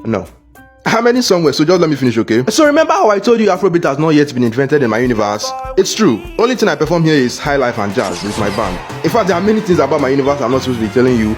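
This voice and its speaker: A man tells a comedic cartoon story in the first person, his voice leaping up and down with lively energy. He plays every moment big and jokey. Faint music runs under his voice. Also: mid-range voice, very fast. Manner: animated, exaggerated, jokey storytelling. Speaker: narrator voicing the lead character.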